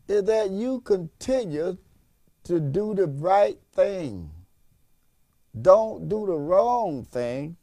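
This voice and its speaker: A man's voice: fairly high pitch, animated, a little slow, a little mellow, no echo. A man preaching a sermon with emphasis, repeating points and asking rhetorical questions.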